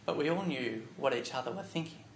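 A man telling a Bible story as a first-person dramatic monologue, going from hushed to loud. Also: medium pitch, animated, brisk, a little hiss or hum. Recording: echoey room.

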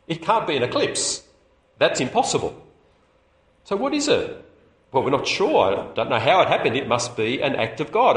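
A man delivers a sermon with a lively, swooping voice that sits a little high. He asks rhetorical questions and lets out small chuckles. The sound rings around an echoey hall. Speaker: preacher. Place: meeting hall. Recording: echoey room.

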